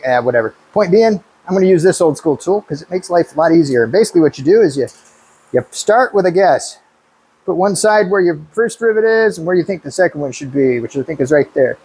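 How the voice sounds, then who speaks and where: A man casually talking through his truck build in a workshop, relaxed and thinking aloud as he works. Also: on the high side, slightly rough. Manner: relaxed and hands-on, thinking aloud while working. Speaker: car builder and channel host. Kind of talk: casual shop talk explaining a build.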